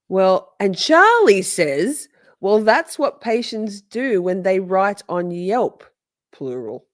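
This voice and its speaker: In her chatty, sarcastic trial recap on a livestream, this woman frequently performs quotes in assorted voices. She speaks slowly in a mid-range voice with big swings in pitch.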